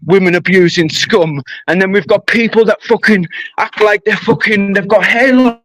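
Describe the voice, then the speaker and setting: A man's voice: sits high, moderate pace, a bit bright, no room sound, rough recording. British man, livestream rant, confrontational, sweary, dry sound.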